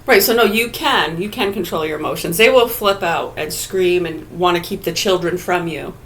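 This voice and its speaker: A woman's voice: on the low side, moderate pace, fairly bright tone, a little hiss or hum. A woman in a casual ranting monologue, blunt and profane, firing rhetorical questions at imagined listeners. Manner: argumentative, talks to absent listeners.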